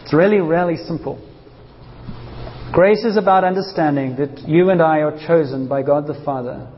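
The preacher, a South African man with a slightly high voice, delivers his sermon over slight background noise. His style is casual and humorous, aimed squarely at the congregation, in a church hall with a dull, reverberant sound.

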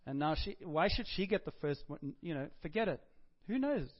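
A man's voice: fairly high pitch, big pitch swings, fairly quick, muffled recording. A man preaching a sermon as pastor, in a conversational style with emphatic rises.

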